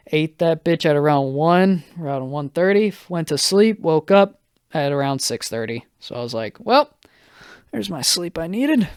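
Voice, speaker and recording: A young man hosts his podcast alone and recounts a rough few days at an unhurried pace. His voice is smooth and clear, recorded dry and close to the mic. He stumbles through fillers and restarts and pokes fun at himself. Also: fairly high pitch, no echo. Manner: halting, filler-heavy, self-deprecating. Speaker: podcast host. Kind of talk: casual solo storytelling.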